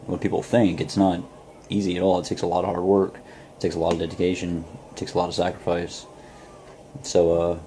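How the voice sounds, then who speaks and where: A man's voice: deep voice, mellow, a little hiss or hum. A man giving an earnest motivational talk, telling a story with many fillers. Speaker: network marketer.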